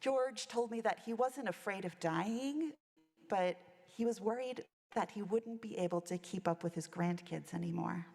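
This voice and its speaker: A woman's voice: medium pitch, moderate pace, vocal fry, darkish tone. A woman minister giving a reflective sermon, telling a story from her chaplaincy work. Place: church sanctuary. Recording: long church reverb.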